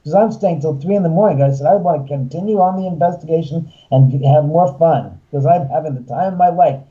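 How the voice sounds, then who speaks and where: A man, a haunted house owner and filmmaker, telling an animated story and acting out the voices of the people in it. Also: fairly high pitch, quick pace, muffled recording. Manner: acts out quoted voices, excitable.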